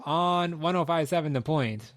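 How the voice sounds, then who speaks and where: A man in his forties chats on a podcast, playing along with his co-host's jokes in a deadpan way. His voice sits somewhat high and is recorded close and dry, with no room sound. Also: normal speed, no room sound. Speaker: podcast co-host. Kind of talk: casual chat.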